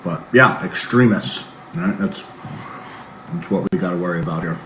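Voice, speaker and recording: A man's voice: low voice, measured pace, pauses often. A man giving sarcastic political commentary in a drawling way. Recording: echoey room with faint noise.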